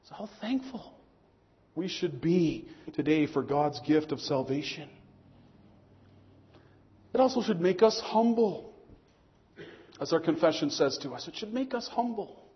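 A man's voice: fairly high pitch, animated. Male pastor, earnest sermon delivery, muffled recording with hall reverb. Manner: earnest preaching, slowing on key phrases. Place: church hall. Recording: muffled long hall echo.

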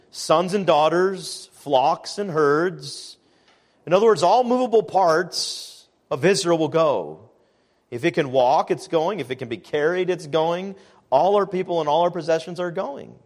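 A man preaching a sermon as pastor, measured and emphatic, slowing down to stress key phrases. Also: fairly high pitch, lively intonation.

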